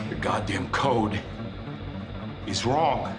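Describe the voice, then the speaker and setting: An actor playing a gruff, frustrated police chief who shouts in exasperation, heard in a clip from a TV series with loud music behind. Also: male voice, on the low side, drawn-out words. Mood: exasperated. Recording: clip played under loud score.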